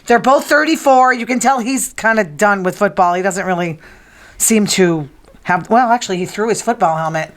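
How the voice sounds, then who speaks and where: A woman's voice: mid-range voice, moderate pace. A middle-aged woman hosting a casual news and gossip chat, opinionated and teasing the people in the room. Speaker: podcast host.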